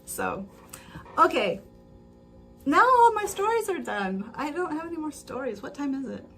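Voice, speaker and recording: A woman's voice: high-pitched, sing-song, moderate pace, sharp tone, faint music behind. A woman hosting a sewing livestream. She chats casually and rambles, uses lots of fillers, and laughs often. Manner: rambling storyteller with filler words. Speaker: livestream host. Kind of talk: casual chat while sewing.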